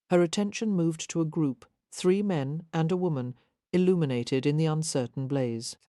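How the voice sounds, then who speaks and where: Low, mellow woman narrating an audiobook. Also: no room sound, studio quality. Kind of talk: scripted narration.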